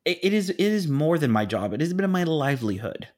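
A man in his thirties, animated and emphatic, casually telling a story on a podcast. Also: fairly high pitch, brisk.

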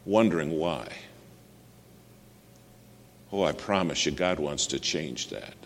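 Deep voiced preacher guy telling a story, asks the crowd stuff, big hall echo. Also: lively intonation, slow, gravelly, a little hiss or hum. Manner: storytelling, earnest, asks the audience questions. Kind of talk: sermon. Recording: long hall reverb.

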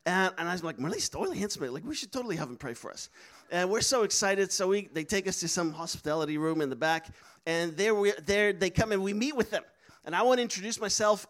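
A man's voice: high-pitched, sing-song, quick pace, a bit bright. A man preaching a sermon, telling a story with laughs and acting out the voices of people he quotes. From Netherlands.

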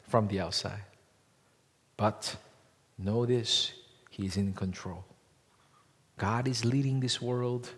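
A male pastor preaches in a church, and his words ring out with a long hall reverb. He swings between loud, emphatic lines and quiet, low-voiced asides, and he keeps asking the congregation rhetorical questions. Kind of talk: sermon.

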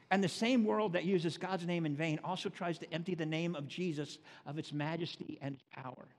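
A man with a high voice preaches in a church sanctuary, and a long reverb hangs after his words. He reads scripture in a slow, measured way. Between verses he speaks plainly, with homely asides for the congregation. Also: a little mellow. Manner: reads scripture slowly, then talks plainly with folksy asides. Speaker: pastor. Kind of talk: sermon. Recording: long reverb of a large hall.

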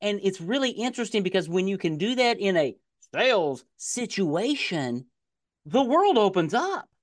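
A middle-aged man hosting a sales podcast interview in a casual, excitable way, often repeating words as he gets going. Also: high-pitched, moderate pace, no echo, clean studio sound. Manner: animated, laughs easily, repeats words when excited. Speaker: podcast host.

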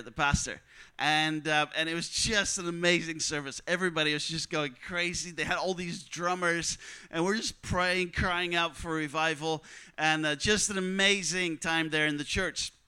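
A man's voice: high voice, bright, forceful tone, smooth, poor audio. A man telling a personal testimony story, vividly acting out the dialogue of the people in it. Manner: vivid storyteller who acts out quoted dialogue. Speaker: speaker telling a mission testimony.

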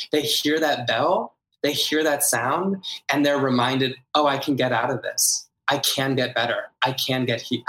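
A man with a bright, forceful voice explains his ideas earnestly, often repeating words for emphasis. He talks as an interview guest. The room around him rings with a noticeable echo. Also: mid-range voice. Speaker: guest, ritual designer. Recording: roomy echo.

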